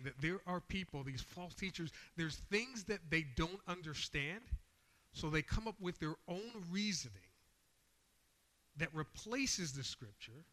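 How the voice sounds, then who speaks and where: A man's voice: on the high side, sharp tone, big-room sound. A man preaching a sermon, reading scripture aloud with rising emphasis and explaining it in a plain, conversational way.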